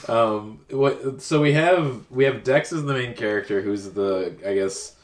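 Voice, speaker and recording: A man's voice: mid-range voice, a little slow, reverberant, a little hiss or hum. A tired man co-hosting a casual podcast, joking and teasing his friends. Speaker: podcast co-host. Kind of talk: casual chat.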